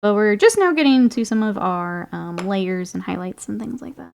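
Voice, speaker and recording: A woman's voice: medium pitch, expressive, normal speed, vocal fry, darkish tone. A woman streaming while painting miniatures, chatting casually with viewers, reading their comments and laughing often. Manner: chatty, laughs often, reads and answers chat.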